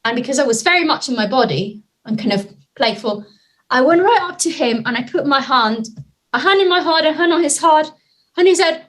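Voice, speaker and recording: A woman in a casual interview, telling a personal story with lots of fillers and lively retellings. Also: sits high, moderate pace, poor audio. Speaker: guest, nonviolent communication trainer.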